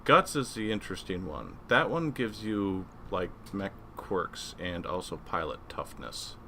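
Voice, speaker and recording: Lower-pitched man doing casual game commentary. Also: very animated, measured pace, vocal fry, bright, forceful tone, a little hiss or hum. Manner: casual, rambling, reads game text aloud. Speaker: gaming video creator.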